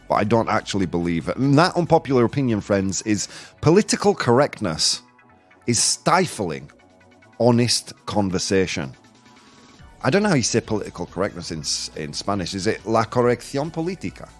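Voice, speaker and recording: A man hosting a casual live-streamed news podcast, joking, rambling and laughing at his own jokes. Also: mid-range voice. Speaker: podcast host.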